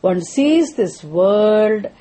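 Extremely slowly, in a mellow, mid-range and expressive voice, a female spiritual teacher lectures on philosophy. She keeps stopping to quiz listeners through rhetorical questions, stressing key terms by repeating them.

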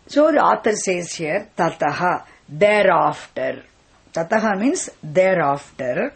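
A woman's voice: fairly low pitch, lively intonation, measured pace, breathy edge. A woman teacher explaining a scripture text word by word, patiently repeating terms and checking with her students.

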